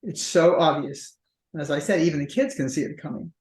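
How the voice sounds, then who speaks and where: A woman's voice: sits low, brisk, a little mellow. Woman therapist in an echoey room. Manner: acts out partners' voices in quoted dialogue. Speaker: couples therapist. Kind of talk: conversational interview explanation. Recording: roomy echo.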